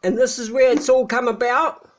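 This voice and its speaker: A man's voice: very high voice, flat delivery, moderate pace. A man talking in a rambling, hesitant way, full of fillers and restarts. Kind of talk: casual monologue.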